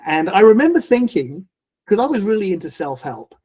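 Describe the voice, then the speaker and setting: A middle-aged man with a somewhat raised pitch tells his personal story of faith as a podcast guest. He speaks earnestly and haltingly, often restarting his sentences as he searches for words. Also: sing-song, darkish tone, breathy edge. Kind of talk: personal faith testimony in an interview.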